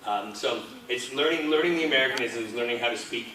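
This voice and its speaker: A man's voice: mid-range voice, fast talker, bright, forceful tone, a little hiss or hum. A man telling chatty anecdotes as a guest on a convention panel. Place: convention hall. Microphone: filmed from audience seating. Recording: echoey hall from far off.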